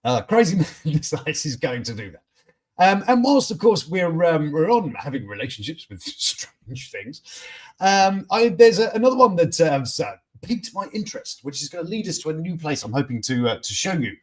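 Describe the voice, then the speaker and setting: A chatty man hosts a casual live stream, reading news and viewers' comments and joking about them. His voice sits a little high and swings widely in pitch. It has a husky edge. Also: very animated, moderate pace. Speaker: host of a morning news chat stream.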